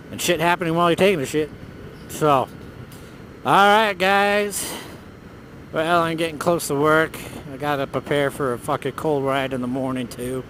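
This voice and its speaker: A man with a slightly high voice tells a ghost story in a loose, animated, profane way. He talks while riding a motorcycle outdoors, and a faint hiss of road noise runs underneath. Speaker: motovlogger. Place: outdoors on a motorcycle on city roads.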